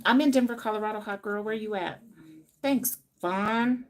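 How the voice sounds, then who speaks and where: A woman's voice: mid-range voice, sing-song, unhurried, slight background noise. A middle-aged woman hairstylist hosting a casual livestream from her salon, chatting to viewers by name while she works. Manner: chatty, talks to viewers by name, sings little bits.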